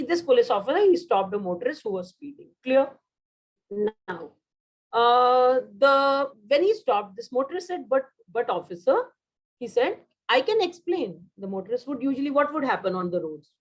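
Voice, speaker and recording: A woman's voice: fairly high pitch, poor audio. A woman with an Indian English accent teaching a vocabulary class online, repeating key words and slipping into Hindi.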